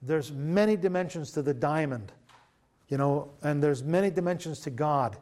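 Male pastor, sermon, earnest, conversational, fillers and restarts, somewhat high pitch. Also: moderate pace, darkish tone.

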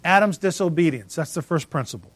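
A man preaching a sermon with emphatic swings in loudness, dropping to a near whisper on key words. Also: on the high side, lively intonation, quick pace, no echo. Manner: emphatic, rising and dropping to near silence for effect. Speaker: pastor.

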